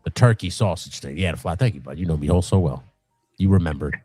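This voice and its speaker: Fast and a little rough, a middle-aged man co-hosts a live stream from a home workshop in a dry recording with faint music. His talk is casual, foul-mouthed, and rambling; he stays animated, bursts into laughter often, and performs high voices in his tales.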